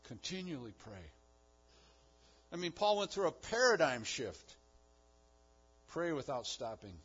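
A man's voice: sits high, fairly bright tone. A man preaching a sermon, building emphasis with repeated phrases. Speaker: pastor. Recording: dull lo-fi recording.

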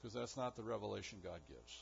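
A man's voice: lowish voice, sing-song, fast, creaky, a little hiss or hum. A man preaching a sermon, building emphasis with repeated phrases. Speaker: pastor. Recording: dull lo-fi recording.

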